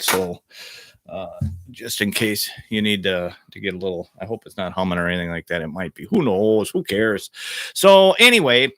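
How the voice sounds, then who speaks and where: Middle-aged guy feeling under the weather, rambling offhand about golf, lowish voice, bright and punchy. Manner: rambling, offhand, self-deprecating. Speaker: golf vlogger. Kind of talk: casual rambling monologue to camera.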